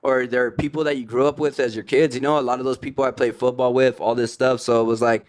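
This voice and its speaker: A man's voice: mid-range voice, little pitch movement, fast talker. A man, a podcast guest in recovery, telling his story in casual slang, full of "like" and "you know what I mean".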